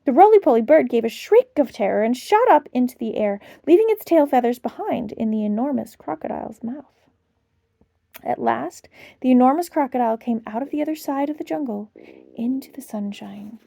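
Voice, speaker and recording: A woman reading a children's book aloud as a bedtime story, in an expressive, dramatic storytelling manner. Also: sits high, fairly quick, gravelly, dry recording, clean studio sound.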